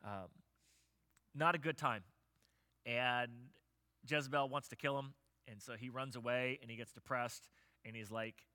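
A man preaching a sermon as pastor, telling stories with animation and closing in soft prayer. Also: mid-range voice, unhurried, long pauses, no room sound.

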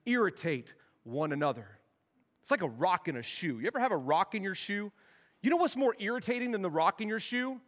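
Male youth pastor, 40s, high-pitched, playful storyteller, long hall reverb. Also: very animated, fairly quick, a bit bright. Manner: joking, storytelling, acts out dialogue. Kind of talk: sermon.

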